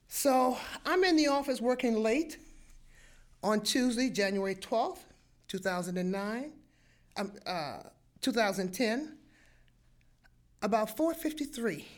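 An older woman telling a personal story, animated, acting out sounds and voices as she goes. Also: mid-range voice.

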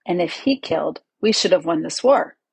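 A woman's voice: lowish voice, expressive, normal speed, vocal fry, slightly rough, no room sound, heavily acted. A woman reading the part of a resentful, scheming male lord with a sly, grumbling manner.

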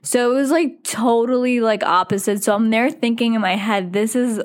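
A woman's voice: fairly high pitch, normal speed. A woman podcast host casually recounting a bad first date, chatty and full of filler words, acting out what others said. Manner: chatty, frequent "like" fillers, quotes others in animated asides. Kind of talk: casual storytelling.

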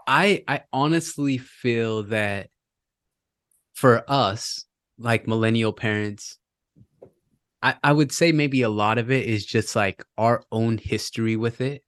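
A man's voice: medium pitch, slow, a bit bright, no echo, clean studio sound. A man in his thirties co-hosting a podcast, chatting casually with a hesitant, filler-heavy manner. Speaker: podcast co-host. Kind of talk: casual chat.

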